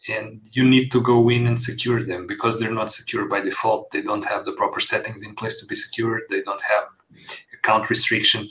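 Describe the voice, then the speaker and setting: A man in his forties co-hosting a casual tech podcast, explaining things in a steady, measured way. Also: fairly low pitch, a little hiss or hum, low-quality recording. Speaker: podcast co-host.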